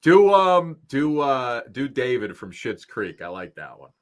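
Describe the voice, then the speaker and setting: A man co-hosting a talk show, energetic and quick to restart his sentences. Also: medium pitch. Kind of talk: casual talk show interview.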